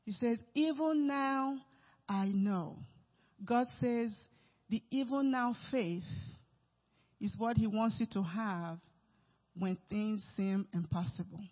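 Male pastor, sermon delivery, slow and emphatic, recorded in a reverberant sanctuary. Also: high voice. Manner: emphatic preaching with big swings in loudness. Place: church sanctuary. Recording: reverberant hall, dull sound.

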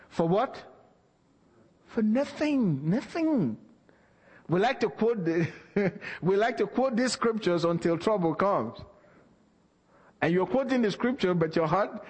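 A man's voice: on the high side, big-room sound. A male pastor preaching a sermon with emphatic, repeated phrases, recorded in a church.

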